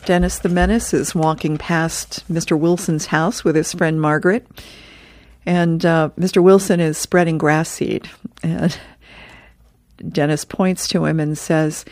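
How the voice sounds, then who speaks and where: A woman radio host reading an advice column and comic strips, with a chuckling, relaxed manner. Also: low voice, a little slow, no echo, clean studio sound.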